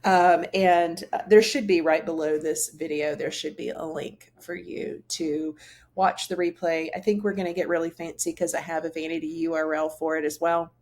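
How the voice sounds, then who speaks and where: A woman's voice: low-pitched, steady tone, moderate pace, a little mellow. A middle-aged woman hosting her own show, talking earnestly and casually to camera, rambling with fillers and restarts. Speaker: host. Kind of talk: casual solo talk to camera.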